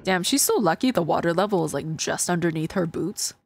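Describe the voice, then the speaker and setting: A woman's voice: fairly low pitch, animated, a little fast, gravelly, a little hiss or hum. A woman streamer commenting live on a game, sarcastic and swearing casually.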